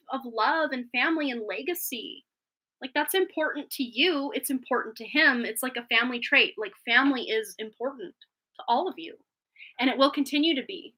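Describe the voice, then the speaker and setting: Gushing lady doing live tarot readings, bright lively voice, giggles a lot. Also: on the high side, rough recording. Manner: bubbly, effusive, giggly. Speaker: tarot reader. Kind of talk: live stream chat and readings.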